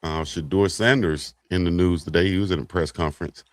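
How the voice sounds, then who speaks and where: A man co-hosting a casual sports talk show, slangy and animated, acting out quotes. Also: deep voice, brisk, dry recording. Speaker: co-host.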